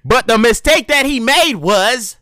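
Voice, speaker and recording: A man's voice: very high voice, lively intonation, measured pace, bright, forceful tone, no echo, clean studio sound. A man telling a rambling story in a laid-back casual monologue, full of slang and restarts. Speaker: vlogger.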